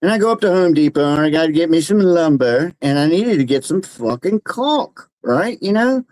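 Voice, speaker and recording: A man's voice: a little high, lively intonation, moderate pace, a little mellow, dry recording, rough recording. An older man telling a funny anecdote in a casual, giggly way during a livestream. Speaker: livestream guest. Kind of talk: casual storytelling.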